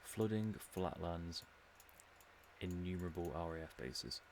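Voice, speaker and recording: A man's voice: deep voice, measured pace, darkish tone, slight background noise. An English man streaming a game, musing and rambling in a casual commentary with dry humour. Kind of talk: casual commentary while playing.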